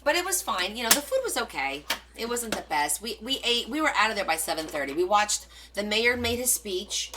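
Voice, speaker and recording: Hosting a live crafting stream, this middle-aged New Jersey woman chats through her stories with lots of fillers, animatedly performing each quoted voice. She speaks at medium pitch, with a little hiss or hum behind her.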